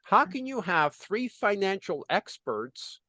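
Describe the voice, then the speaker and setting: A man's voice: sits high, sing-song, slow, pushed and bright, dry recording. A man working as a business consultant, telling a story in conversation and acting out the dialogue with lots of "you know" fillers.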